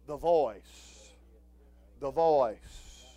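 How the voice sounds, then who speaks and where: A man preaching a sermon, swinging from quiet talk up to shouted preaching. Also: medium pitch, very slow, no echo.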